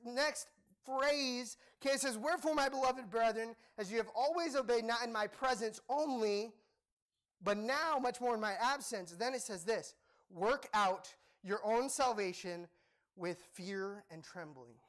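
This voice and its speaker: A young man preaching a sermon in an animated, joking, emphatic way. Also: very high-pitched, normal speed.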